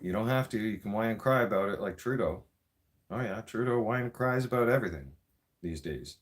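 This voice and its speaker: A man's voice: fairly low pitch, lively intonation, fairly quick. A man in a profane, mocking political rant, cursing and repeating himself. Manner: vaping while talking. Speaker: vlogger.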